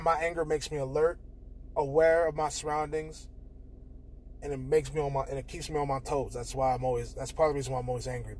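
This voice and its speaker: A young man hosting a casual solo podcast, talking candidly and with plenty of swearing, swinging between loud bursts and quiet mutters. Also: fairly high pitch, slightly rough. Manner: candid, profane, shifts between loud outbursts and quiet mumbling. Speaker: podcast host.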